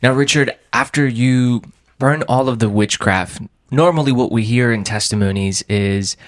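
A man interviewing a guest, asking measured, probing questions. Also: mid-range voice.

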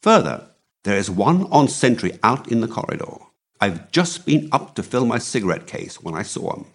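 A man reading aloud and voicing a jaunty upper-class gentleman with breezy, joking banter. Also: mid-range voice, very animated, moderate pace.

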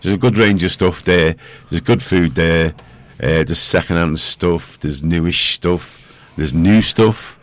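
A man's voice: sits low, slow, few pauses. A man hosting a local radio show, chatting casually in a rambling, jokey way. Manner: rambling, jokey, self-mocking. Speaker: radio host.

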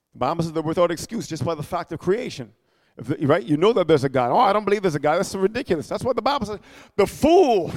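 A male preacher giving an emphatic sermon, calling out for amens and swinging between shouting and hushed asides. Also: high voice, long reverb tail.

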